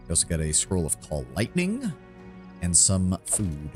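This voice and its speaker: A man's voice: low voice, wildly swooping pitch, a little slow, darkish tone, soft background music. A man streaming a video game, giving casual, offhand commentary with muttered asides.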